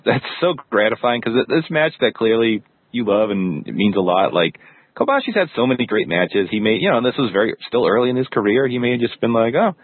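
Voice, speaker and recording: A man's voice: mid-range voice, animated, a little fast, no room sound. A man hosting a podcast, thanking and introducing guests in an upbeat casual way. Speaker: podcast host. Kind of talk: casual interview chat. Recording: dry tinny phone-like line.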